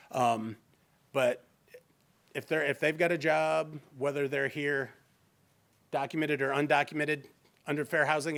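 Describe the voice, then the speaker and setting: A man's voice: mid-range voice, a bit bright. A man with a Midwestern American accent giving a live fair housing training in a library meeting room, talking conversationally and acting out quoted examples.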